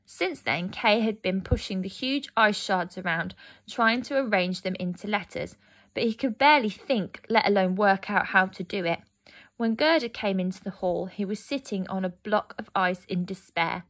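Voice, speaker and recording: A woman narrating a fairy tale aloud, gentle and expressive. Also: mid-range voice, moderate pace. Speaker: storyteller. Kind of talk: storybook narration.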